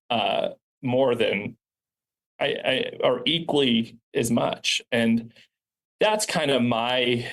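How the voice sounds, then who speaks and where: A man, a charter school founder and principal, telling stories from his school in an earnest, reflective way with frequent restarts. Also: medium pitch. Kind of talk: podcast interview storytelling.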